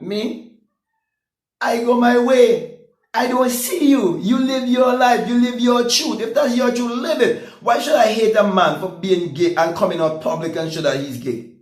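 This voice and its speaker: A man's voice: high voice, echoey room. A man delivering an emphatic, repetitive monologue, often asking "okay?" and laughing between points. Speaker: vlogger. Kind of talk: preaching monologue.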